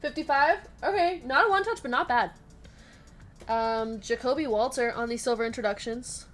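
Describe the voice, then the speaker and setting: A woman with a somewhat high voice hosts a live card break stream. She chats easily and giggles often between card calls while she reads out comments from the chat. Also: moderate pace, fairly bright tone, faint music behind.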